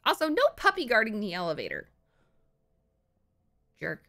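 A woman streaming a horror game, panicking out loud, swearing, repeating herself and dropping to whispers. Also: mid-range voice, huge pitch swings, normal speed, gravelly. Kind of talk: live horror game commentary.

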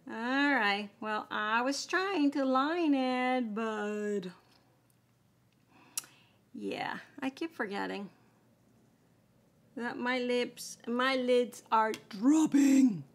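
Woman, beauty vlogger, makeup tutorial chat, slow pace, slightly high, gravelly. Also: a bit bright. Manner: chatty, explaining steps while applying makeup.

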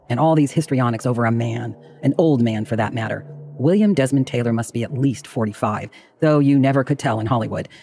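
A man narrating a true crime drama in a measured, dramatic storytelling manner. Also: medium pitch, a little mellow, breathy edge.

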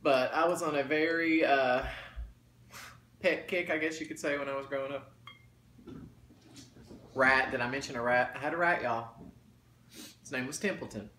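A man's voice: mid-range voice, moderate pace, pauses often, bright, forceful tone. A man chatting casually to viewers while eating, folksy and talkative. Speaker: mukbang vlogger. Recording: roomy echo, faint background noise.

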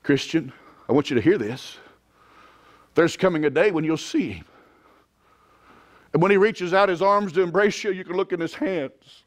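A man preaching a sermon as pastor, swinging from quiet, drawn-out lines to loud shouted climaxes. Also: fairly high pitch. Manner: impassioned preaching, rising to shouts.

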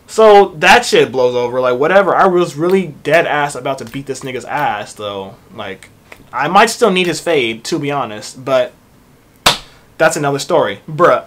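A young man recounts a retail job story in a loose, profane rant. His voice sits high for a man, and he keeps slipping into quiet, low mutters for his side comments. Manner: profane, animated, drops to low mutters for asides. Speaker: vlogger telling a work story.

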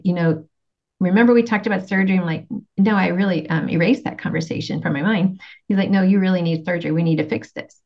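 A woman's voice: on the low side, a little mellow. A middle-aged woman giving a casual health talk with slides, telling her story in a chatty way, laughing often and acting out quotes. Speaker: nutritionist presenter. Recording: slightly dull lo-fi sound.

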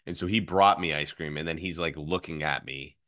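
A man in his thirties guesting on a podcast, with a very low yet bright and forceful voice. He tells stories in a lively way, full of fillers, and drops into hushed asides. The recording is close and dry. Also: fairly quick, no room sound. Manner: animated storyteller, many fillers, swings from excited to hushed. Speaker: podcast guest, fitness coach. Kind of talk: casual podcast chat.

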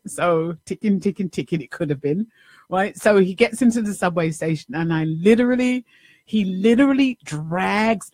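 A host and life coach with a lowish voice tells a story in an animated, casual monologue, acting out the dialogue and swearing now and then. The recording is dry with clean studio sound.

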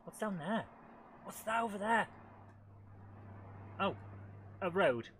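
A woman with a head cold, hosting a live let's-play and chatting excitably to the game, often laughing. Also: medium pitch, slow, slight background noise. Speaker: host of a retro gaming channel.

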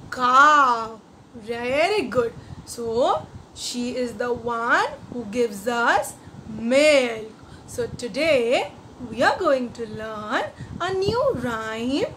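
Slow sing-song Indian English teacher. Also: female voice, sits high, animated, a bit bright, a little hiss or hum. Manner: slow, sing-song, coaxing questions to children. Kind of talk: children's rhyme lesson.

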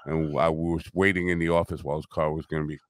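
A man hosting a podcast, chatting casually and telling a relaxed anecdote. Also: a bass voice, fast talker, no room sound, clean studio sound. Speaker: podcast host. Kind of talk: casual interview chat.

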